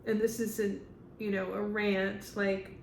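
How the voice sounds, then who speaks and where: A woman working as a spiritual medium, talking through a channeling session in a halting way with many ums as she relays what a spirit tells her. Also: mid-range voice, flat delivery, creaky. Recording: echoey room, faint background hum.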